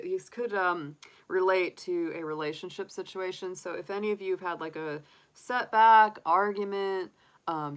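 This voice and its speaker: Lady doing a tarot reading, lowish voice, rambly and chatty, lots of "um" and "like". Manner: chatty, rambling, many fillers. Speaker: tarot reader. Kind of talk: casual livestream tarot reading.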